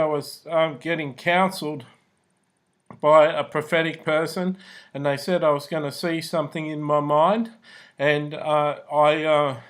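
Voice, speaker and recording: Soft-spoken man with a higher voice. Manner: earnest, meandering storytelling. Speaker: memoir narrator. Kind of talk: unscripted spoken testimony.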